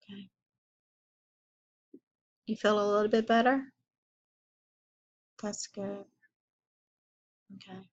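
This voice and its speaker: A woman playing a calm, caring counselor who gently comforts and reassures a young child in a role-played session. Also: mid-range voice, slow pace, long pauses, dull audio. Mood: soothing.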